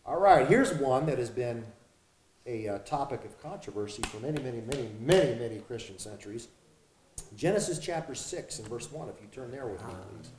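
A man's voice: medium pitch, expressive, reverberant, noisy background. A man hosting a Bible study discussion, summing up and reading out viewer questions. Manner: measured, reads out viewer questions. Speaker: host.

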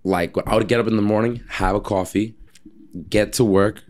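A man, a personal trainer, telling stories in a casual podcast chat, with lots of fillers like "like" and "um" and a lively way of talking. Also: fairly low pitch, normal speed, slight background noise. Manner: animated storyteller, many fillers.

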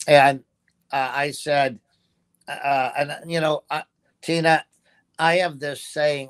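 A man's voice: medium pitch, steady tone, measured pace, clean tone. A man, a pastor, telling a story as an interview guest, earnest, quoting his own words with restarts. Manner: earnest, retelling with direct quotes and restarts.

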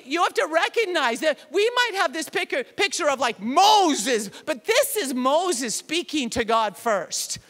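Woman pastor, animated self-deprecating sermon, high voice, long church reverb. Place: church sanctuary with a congregation.

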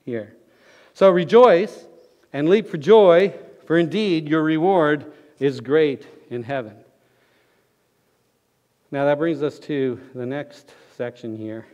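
High-voiced pastor in echoing church. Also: male voice. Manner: folksy storytelling, gets loud and excited. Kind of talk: sermon. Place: church sanctuary. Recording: long church hall reverb.

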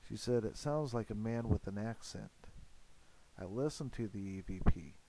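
A man narrating a paranormal investigation in an earnest, steady voice-over, with frequent fillers. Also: lowish voice, normal speed, gravelly, poor audio.

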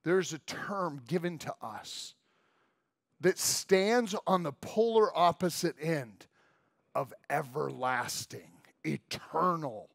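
A male pastor delivers a sermon in an easygoing, conversational way, punching key words loudly and then dropping low and soft. His voice sits a little high for a man. The recording is dry, with little room sound. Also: expressive, takes it slowly, creaky, no echo. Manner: conversational and emphatic, leaning on "like" and sudden swings from loud to soft. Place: church service room.

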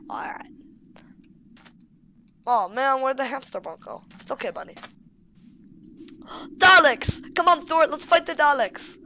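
A woman with a high voice that leaps all over the place gives playful commentary while she plays a game. She gushes and baby-talks to her pets on screen, and her pace stays unhurried. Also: bright, forceful tone, slight background noise. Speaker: YouTuber showing a game mod.

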